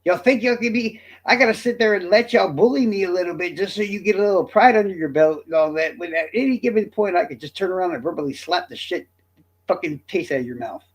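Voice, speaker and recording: A man's voice: high voice, lively intonation, fast. A man streamer from the American South, delivering a profane, combative rant straight at his chat. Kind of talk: ranting livestream monologue.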